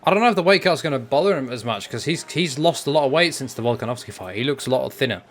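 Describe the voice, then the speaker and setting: A man's voice: medium pitch, animated, fast, a bit bright. A tired man chatting casually and joking while commentating on a game he plays, rambling and restarting his sentences. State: tired, yawning. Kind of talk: casual chat over gameplay.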